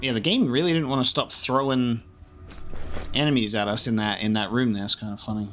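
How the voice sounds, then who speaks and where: A man's voice: mid-range voice, fairly even intonation, a little fast, fairly bright tone, soft background music. A man giving casual, jokey commentary as he plays through a video game, chatting to himself as he goes. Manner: chatty, jokey, talks to himself while playing. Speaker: gaming streamer.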